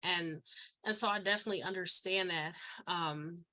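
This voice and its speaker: A woman's voice: fairly low pitch, normal speed, sharp tone, rough recording. A woman hosting an interview, affirming her guest with frequent backchannels before she asks her questions. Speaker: host. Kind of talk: interview chat.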